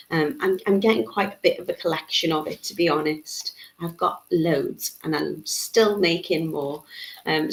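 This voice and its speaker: A woman's voice: on the low side, gravelly. A woman, teaching a live beading tutorial in a chatty way, with frequent ums. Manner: chatty, reads out viewer comments, frequent ums. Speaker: jewellery-making tutor. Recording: echoey room.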